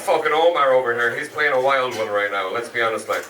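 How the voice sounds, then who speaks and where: A young stand-up comedian from Galway, in the west of Ireland, does a sweary, chatty set with a West of Ireland accent, teasing the crowd. His mid-range voice is fast, caught by a far mic in an echoey club alongside crowd noise.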